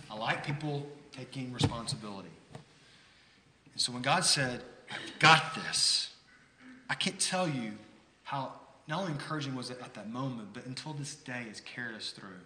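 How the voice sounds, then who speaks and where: A man from the United States preaching a sermon, telling a story in a conversational, animated way with frequent restarts. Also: medium pitch, a little hiss or hum. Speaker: pastor. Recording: roomy hall with long reverb.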